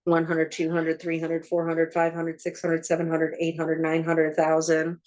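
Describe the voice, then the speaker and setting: A woman with a fairly low voice leads a healing session in a calm, matter-of-fact way. She counts methodically through long lists of numbers. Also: moderate pace, muffled recording. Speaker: ancestral healing facilitator.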